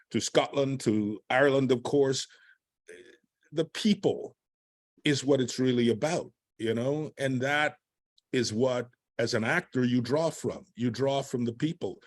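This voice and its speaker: Older man, reflective and expansive. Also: mid-range voice. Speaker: actor guest. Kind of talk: reflective interview answers.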